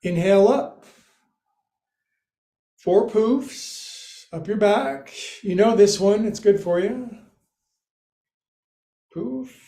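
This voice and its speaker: Man, yoga instructor, livestream class, playful, high-pitched, roomy echo. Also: drawn-out words, pauses often, warm tone. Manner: playful, jokey cueing with counting. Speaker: yoga teacher. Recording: roomy, echoey room.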